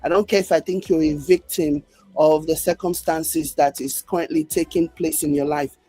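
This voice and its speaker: A woman's voice: deep voice, steady tone, moderate pace, warm tone, no echo, faint music behind. A woman, giving emphatic opinion commentary to camera in a firm, scolding way.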